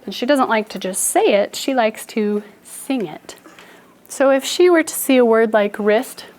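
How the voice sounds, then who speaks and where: A woman's voice: fairly high pitch, a little slow, a little mellow. A young woman teacher giving a playful, story-style phonics lesson to children in a classroom. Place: classroom with kids.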